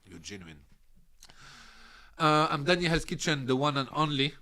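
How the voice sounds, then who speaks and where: Guy telling wild stories on a podcast, bright voice, laughs a lot. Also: fairly high pitch, normal speed. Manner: animated, laughs often, drops into character voices. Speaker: podcast guest. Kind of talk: casual storytelling.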